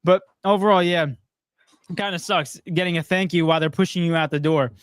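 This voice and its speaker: Male sports stream host, high voice, dry close sound, upbeat and chatty. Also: steady tone, fairly quick, clear, resonant tone, dry recording. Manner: upbeat, laughs often, talks to the chat. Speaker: podcast host. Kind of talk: casual sports chat on a livestream.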